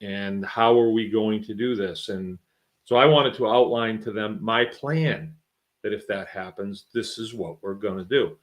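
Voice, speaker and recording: A man's voice: on the low side, unhurried. Folksy middle-aged man talking plainly. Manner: folksy, conversational, rambling with many fillers. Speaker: podcast host and farmer. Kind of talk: casual monologue.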